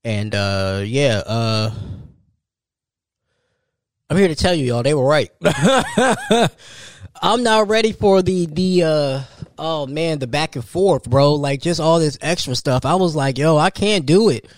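Man, solo podcast host; lively storyteller, slightly high pitch, dry sound. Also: slow pace, no room sound. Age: 30s. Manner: animated storytelling, jumps high for quoted voices.

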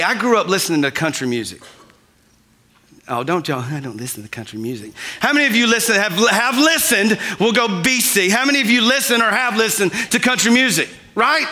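A man's voice: very high-pitched, sharp tone. A man preaching a sermon, talking conversationally and addressing the congregation directly. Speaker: pastor.

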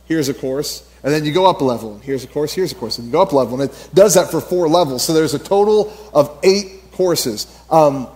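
A fairly high-voiced man speaking at church in a loose, storytelling way. He rambles, fills gaps with "uh" and "like," and breaks into laughter as he talks. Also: expressive, brisk, hardly any pauses, darkish tone. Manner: rambling, laughs often, many fillers. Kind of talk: casual storytelling sermon.

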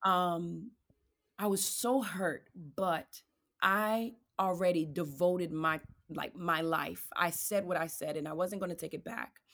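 Animated woman telling her faith story. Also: on the low side, takes it slowly. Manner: animated storyteller, acts out quoted voices; addresses listeners as "y'all". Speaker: podcast guest. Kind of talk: candid testimony in a faith podcast.

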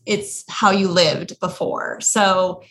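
A woman's voice: fairly low pitch, fairly even intonation, slow pace, fairly bright tone, slight background noise. A woman hosting a podcast interview, speaking earnestly and readily agreeing with her guest. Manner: earnest and affirming, responds with agreement. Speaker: podcast host. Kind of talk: warm conversational interview.

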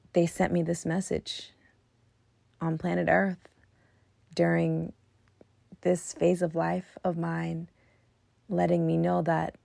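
Husky woman telling a painful story. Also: on the low side, no room sound. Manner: emotional, confessional, drifts into soft whispers. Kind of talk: personal storytelling.

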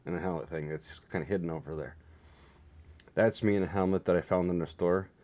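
A man's voice: sits low, fairly even intonation, a little fast, a little mellow. A tired man chatting in a meandering, self-deprecating way on his own vlog. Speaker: vlogger. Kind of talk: rambling casual vlog.

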